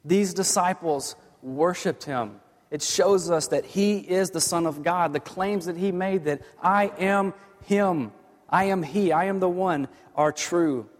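A man preaching a sermon as a pastor, earnest, moving from hushed lines to emphatic ones. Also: fairly high pitch. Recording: long hall reverb.

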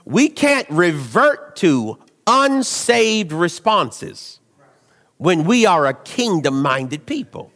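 Speaking slowly, this preacher tells animated stories from the pulpit, his voice sinking to quiet asides before climbing into shouts. The sound is that of a big room.

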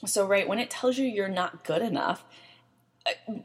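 A woman's voice: mid-range voice, normal speed, husky. A young woman hosting a podcast, giving self-help tips in a chatty way with many fillers. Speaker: podcast host. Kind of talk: casual self-help talk.

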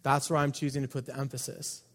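A man preaching a sermon as pastor, emphatic, with loud stresses and quiet asides. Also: medium pitch, flat delivery, quick pace. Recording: long hall reverb.

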